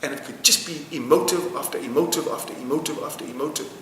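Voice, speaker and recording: A man's voice: fairly high pitch, fast, fairly bright tone, slight background noise. Passionate man in echoey hall. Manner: passionate, emphatic, repeats phrases for effect. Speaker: interviewee. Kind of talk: impassioned interview answer. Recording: roomy hall with long reverb, faint music.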